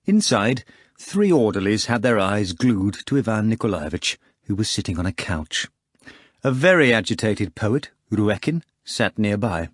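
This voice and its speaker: A man narrating an audiobook in an expressive, dramatic reading. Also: on the low side, unhurried, dry recording, studio quality. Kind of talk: scripted narration.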